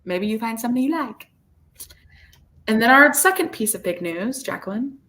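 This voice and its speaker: A woman co-hosting a casual podcast, with a bright, forward tone. She sounds bubbly and gushing, and she circles back over her words when excited. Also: on the high side, moderate pace. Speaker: podcast co-host. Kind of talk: casual chat.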